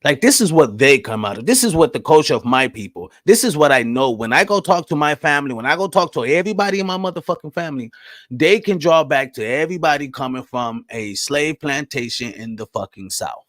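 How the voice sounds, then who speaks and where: A man ranting on his podcast, fiery and profane, his voice swinging widely from low mutters to sharp high outbursts. He sits slightly high for a man. The sound is close and dry, with no room around it. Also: expressive, fairly quick, no room sound. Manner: profane, fired-up, rhetorical questions; frequent "right?" and "you know what I mean?". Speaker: podcast host. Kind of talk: heated monologue rant.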